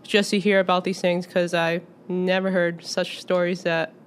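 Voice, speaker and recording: A woman's voice: fairly low pitch, flat delivery, moderate pace, slight background noise. A woman writer answering interview questions hesitantly, with many ums. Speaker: writer and guest.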